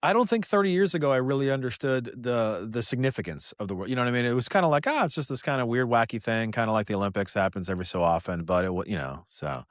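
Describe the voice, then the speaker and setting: A man's voice: on the low side, expressive, fast talker, few pauses, no room sound, studio quality. An American man co-hosting a casual podcast, rambling and repeating himself with lots of "you know" and "dude". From United States. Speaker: podcast co-host. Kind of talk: casual chat.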